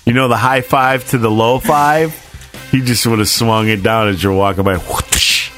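A man in his forties tells a rambling story in a casual chat, with swearing all the way through and his own reactions acted out loud. His voice sits at an ordinary pitch. Faint music plays behind him. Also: steady tone, moderate pace. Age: 40s. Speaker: podcast co-host.

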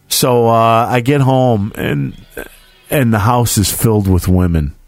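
A man's voice: medium pitch, unhurried, no room sound. A middle-aged man telling a rambling, profane, self-mocking anecdote in casual chat. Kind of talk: casual storytelling.

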